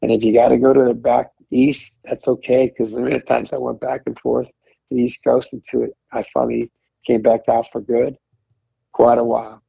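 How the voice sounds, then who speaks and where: A man telling stories and encouraging his host in a casual chat, rambling and warm-hearted. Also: mid-range voice, level tone, moderate pace, vocal fry, husky, no echo. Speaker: podcast host as guest. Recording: dry tinny phone-line sound.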